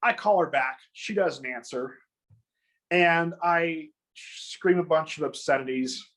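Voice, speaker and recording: A man telling a long personal story in casual chat, animated and acting out other people's lines in raised voices. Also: a little high, takes it slowly. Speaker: guest.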